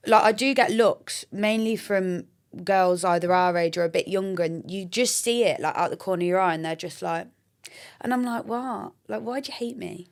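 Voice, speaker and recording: A young adult woman, a podcast guest, chatting casually and telling lively stories, often acting out what people said. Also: fairly low pitch, normal speed, clean tone. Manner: chatty, animated storyteller acting out quoted dialogue. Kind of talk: casual chat.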